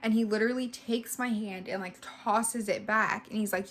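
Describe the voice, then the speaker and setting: A woman's voice: a little high, steady tone, normal speed, fairly bright tone, a little hiss or hum. A woman in her twenties giving a casual storytime vlog, emotional and full of "like". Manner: heavy use of "like", emotional retelling. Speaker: vlogger.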